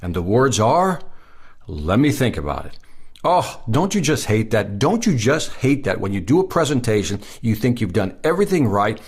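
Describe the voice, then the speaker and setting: A man's voice: medium pitch, big pitch swings, moderate pace, few pauses, husky. A man hosting a sales advice podcast, speaking emphatically and repeating his key points. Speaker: podcast host.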